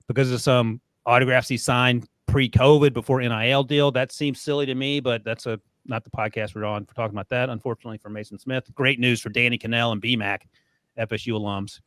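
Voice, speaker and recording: A man co-hosting a podcast, talking fast and teasing his co-host with frequent laughs. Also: mid-range voice, fairly bright tone, no echo. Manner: quick, laughs often, teasing. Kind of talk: casual sports chat.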